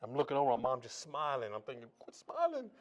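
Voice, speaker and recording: Animated man telling his testimony. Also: medium pitch, racing. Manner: animated storyteller, acts out scenes with swings between loud and hushed; casual, folksy talk. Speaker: church speaker giving his testimony. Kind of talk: sermon testimony, storytelling. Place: church service.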